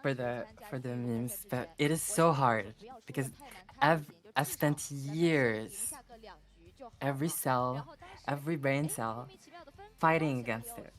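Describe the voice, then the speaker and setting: A woman's voice: a bass voice, takes it slowly, soft background music. A woman with a French accent co-commentating a tournament in casual, teasing chat, often hesitating mid-sentence. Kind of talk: casual live-stream chat.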